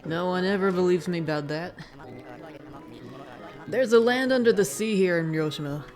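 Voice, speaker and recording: A proud, drawling old fisherman from a video game, spinning yarns in a put-on American Southern accent, as a woman reads his lines. The voice sits a little low. Soft music plays in the background. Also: moderate pace, lightly acted. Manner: drawling, folksy. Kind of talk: reading game dialogue aloud.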